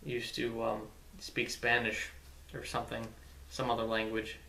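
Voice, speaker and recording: A man in his twenties answering questions in a relaxed, hesitant way, with short replies and frequent "um"s, during a casual couple vlog. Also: mid-range voice, measured pace, creaky, distant mic. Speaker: vlog guest, husband. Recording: echoey room, away from the mic, faint hiss.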